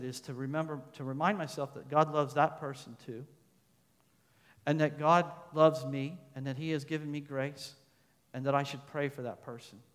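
Man preaching in an echoing hall. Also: on the high side. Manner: emphatic, rising to loud stresses then dropping soft; repeats phrases, reads scripture verses aloud. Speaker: pastor. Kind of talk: sermon. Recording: long hall reverb.

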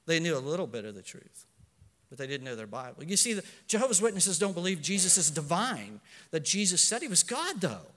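A man preaching a sermon in earnest, swinging between soft asides and loud emphatic lines, correcting himself as he goes. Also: sits high, big pitch swings, brisk, in a large hall. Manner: self-correcting, with fillers.

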